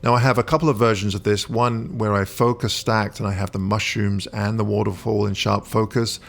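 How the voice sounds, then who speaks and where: Low gravelly man explaining photography. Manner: relaxed, explanatory, with frequent "uh" pauses. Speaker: photography instructor. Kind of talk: voice-over tutorial.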